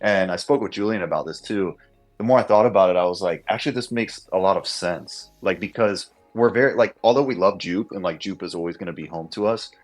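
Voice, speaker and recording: A man in a casual voice chat, talking in a relaxed, agreeable way. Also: deep voice, fast talker, soft background music.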